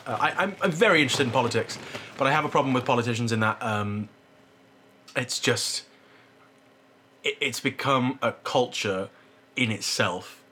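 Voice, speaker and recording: A man's voice: medium pitch, sharp tone. Young man, co-host, opinionated casual rant. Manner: opinionated, ranting. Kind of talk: casual chat.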